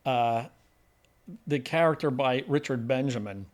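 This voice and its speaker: A man's voice: medium pitch, a little slow. A man hosting a film review podcast in a casual, rambling chat with many restarts.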